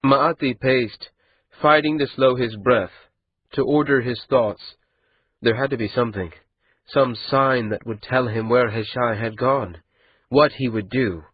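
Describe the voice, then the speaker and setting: A man narrating an audiobook in a measured, unhurried reading. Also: mid-range voice, husky, phone-quality sound. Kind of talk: scripted narration.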